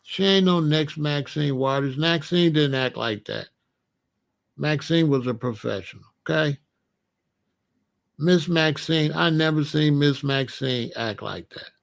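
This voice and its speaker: Blunt, high-voiced man ranting to viewers. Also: a little slow, vocal fry. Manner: blunt, emphatic, talks straight to viewers. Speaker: commentator. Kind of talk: casual political commentary.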